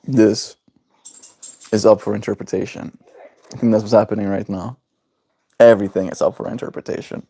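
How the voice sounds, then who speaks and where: A man's voice: fairly low pitch, level tone, moderate pace, vocal fry, long pauses, mellow, slightly rough. A man hosting a daily livestream, chatting in a playful, rambling, jokey way. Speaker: livestream host. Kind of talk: casual livestream chat.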